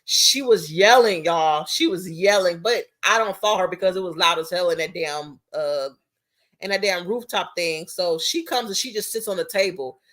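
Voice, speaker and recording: A young woman, telling a casual storytime story in an animated, profane, chatty way. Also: lowish voice, normal speed.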